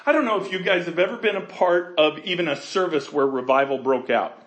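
High bright-voiced male preacher. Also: fairly quick, reverberant. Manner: animated, laughs often, acts out scripture voices. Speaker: pastor. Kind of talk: sermon.

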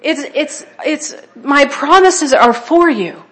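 A woman voicing God as a gentle, insistent figure who pleads with a believer to trust Him. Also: high-pitched, lively intonation, takes it slowly, voice pushed up, exaggerated voice. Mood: pleading. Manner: earnest, insistent.

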